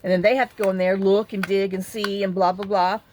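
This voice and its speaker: A woman's voice: mid-range voice, little pitch movement, a little fast, a little mellow, slight background noise. A woman craft vlogger chatting casually while she works at her craft table at home, rambling through a story with plenty of fillers.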